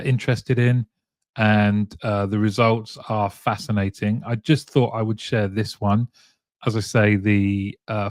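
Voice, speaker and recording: A man's voice: fairly low pitch, darkish tone, no echo, clean studio sound. A man hosting a casual live-streamed talk show, chatting, reading out viewer comments and often chuckling. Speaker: show host.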